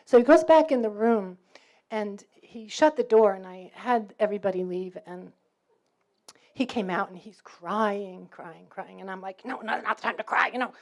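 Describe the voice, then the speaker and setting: At a measured pace and medium pitch, a middle-aged campus speaker from New York shares a lively personal faith story with students, her accent mostly faded. She acts out the dialogue and laughs frequently.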